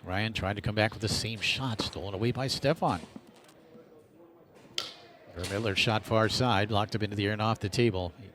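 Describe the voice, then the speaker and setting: A man's voice: fairly low pitch, background noise. A man calling a table soccer match live as play-by-play commentator, rattling off each move with energy. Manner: rapid, energetic shot-by-shot calling.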